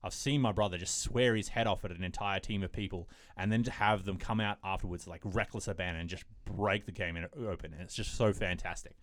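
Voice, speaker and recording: Man, podcast host, deep-ish voice, dry close sound, excitable, rambling. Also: brisk, few pauses, dry recording. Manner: excitable, restarts often, rambling. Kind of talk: casual chat.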